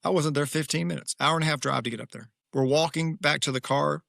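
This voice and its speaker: A middle-aged man with a gravelly, forceful voice tells a candid personal story on a podcast. He speaks emphatically and restarts his sentences often. The sound is dry and close, with no room echo. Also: a little high, quick pace. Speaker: guest author.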